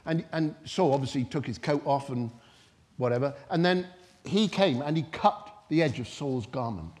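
A man preaching a sermon without notes, retelling scripture in his own words and swinging between loud emphatic bursts and soft quiet passages. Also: mid-range voice, expressive, normal speed. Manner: impassioned, rising to loud emphatic bursts then dropping soft.

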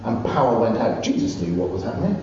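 A man preaching a sermon, telling Bible stories with animated, rising exclamations. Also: on the low side, quick pace. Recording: distant, roomy, dull recording with faint noise.

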